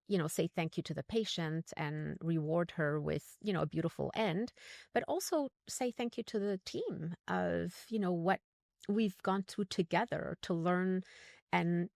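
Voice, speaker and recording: A woman in her sixties, a guest on a podcast, telling a story in an animated way and acting out the quoted lines. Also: creaky, no echo, studio quality. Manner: animated, acts out quotes with pitch leaps. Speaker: podcast guest, dental implant educator. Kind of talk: conversational storytelling.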